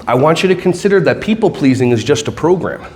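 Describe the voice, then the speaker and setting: A man giving a lively, joking keynote talk to a conference audience, drawing them in with questions and then guiding them through slow breathing. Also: a little high. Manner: animated, jokey, audience-involving; slow soothing breath-work guidance. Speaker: keynote speaker.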